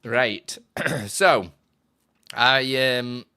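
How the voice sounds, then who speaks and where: A man's voice: mid-range voice, drawn-out words, pushed and bright, clear, resonant tone. A man chatting casually on a live stream, rambling and correcting himself as he explains his setup, often laughing.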